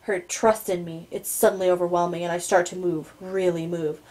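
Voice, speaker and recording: A woman reading a first-person novel aloud in a steady, low-key storytelling voice. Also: a little fast, rough recording. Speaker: audiobook reader.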